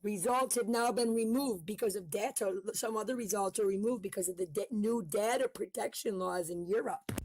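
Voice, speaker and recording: A woman's voice: mid-range voice, darkish tone, no echo. Heated woman in a dry recording. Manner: heated, swearing, fast-talking. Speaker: online commentator. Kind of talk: casual commentary video.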